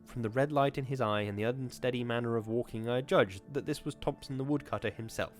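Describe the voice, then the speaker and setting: A man and podcast host reading a classic horror short story aloud in a measured, formal narrating voice. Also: mid-range voice, faint music behind.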